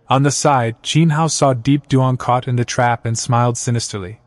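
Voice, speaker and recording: Guy reading a manhwa recap, mid pitch, dry close sound, even delivery. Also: moderate pace, hardly any pauses, dry recording. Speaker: narrator. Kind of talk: scripted story recap narration.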